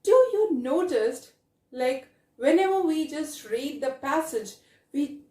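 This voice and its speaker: A woman's voice: high-pitched, darkish tone, reverberant. A woman teaching a reading lesson in English with a South Asian accent, repeating her questions and praising answers.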